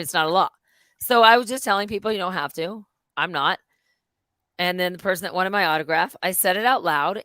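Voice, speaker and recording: A woman's voice: on the low side, pushed and bright, no echo. A middle-aged woman on a casual live stream, telling a story with lots of energy, swearing freely and acting out what people said. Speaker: host.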